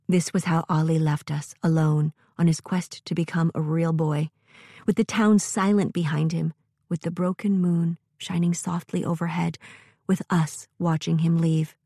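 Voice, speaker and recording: A woman reading a story aloud in a gentle, measured way, as a narrator. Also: fairly low pitch, no room sound, studio quality.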